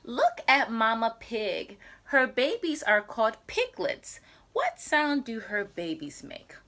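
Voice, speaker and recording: A woman, an English teacher, reading a picture book aloud slowly and clearly for young children in a sing-song way. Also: a little high, huge pitch swings, a bit bright.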